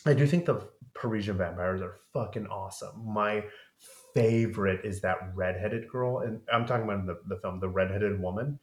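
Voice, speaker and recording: A man co-hosting a podcast, chatting casually about a film and dropping into squeaky voices for quotes. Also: roomy sound. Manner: animated, rapid run-on retelling with squeaky quoted voices. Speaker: podcast co-host.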